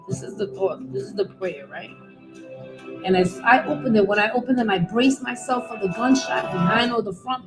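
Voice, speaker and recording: A woman's voice: medium pitch, rough recording. Candid middle-aged woman, music behind. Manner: candid, halting, with many restarts. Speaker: guest. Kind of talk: personal testimony in conversation.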